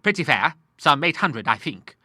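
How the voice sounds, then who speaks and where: A man's voice: a little high, big pitch swings, moderate pace, pushed and bright, no echo, studio quality, heavily acted. A man doing a bluff old sea admiral. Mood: concerned. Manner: hearty, courteous, salty sea talk. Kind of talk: audiobook character voice.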